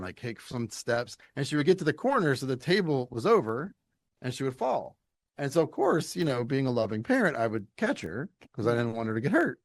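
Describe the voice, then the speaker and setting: A middle-aged man from Louisiana, a leadership coach talking as a podcast guest in an animated, emphatic, folksy storytelling way. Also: medium pitch, no room sound. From Louisiana, United States. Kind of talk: conversational interview.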